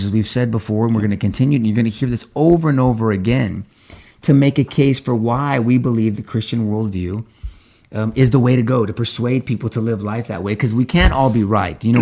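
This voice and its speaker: A man co-hosting a casual faith discussion, speaking at a rapid clip. He tells stories animatedly, often restarting his sentences, with a voice of middling pitch. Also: creaky. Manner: animated storyteller, frequent restarts. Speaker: podcast co-host.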